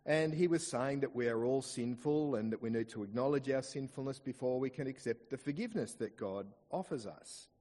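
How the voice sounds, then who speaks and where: An Australian man preaching a sermon in church, slowing down to dwell on quoted scripture. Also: medium pitch, long reverb tail. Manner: expressive preaching, slows down to stress quoted scripture. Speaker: pastor.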